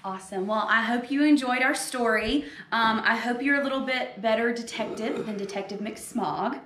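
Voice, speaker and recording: A woman's voice: a little high, normal speed, a bit bright. A woman third grade teacher reading a story and then giving an upbeat video lesson to children. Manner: upbeat, explaining with hand gestures. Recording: roomy echo.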